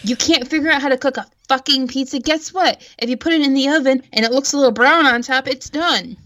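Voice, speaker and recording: A young woman in casual chat, blunt and profane and quick to laugh as she swaps stories about rude customers. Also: high-pitched, a bit bright. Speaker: former craft store worker.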